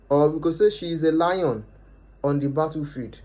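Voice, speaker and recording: A man, teaching a lesson and repeating each definition and example slowly for emphasis. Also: a little high, warm tone, poor audio. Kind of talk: explanatory lesson.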